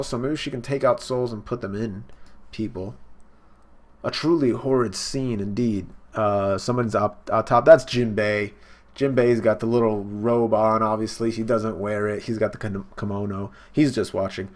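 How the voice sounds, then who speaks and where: A man's voice: fairly low pitch, steady tone, moderate pace. A man hosting a live reaction, reading a comic and talking casually with many fillers. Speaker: reaction video host.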